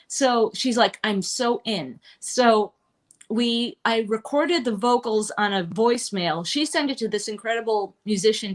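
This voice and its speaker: A middle-aged woman from Manhattan, chatting as an interview guest in a rambling way, full of fillers and asides. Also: mid-range voice. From Manhattan, New York. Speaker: guest performer. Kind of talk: casual interview chat. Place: restaurant, live-streamed.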